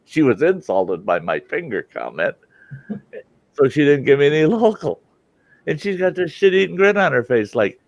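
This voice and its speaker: Older male host, casual storyteller, animated, acts out quotes; dry close sound. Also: fairly high pitch, moderate pace, creaky, no room sound, dull audio.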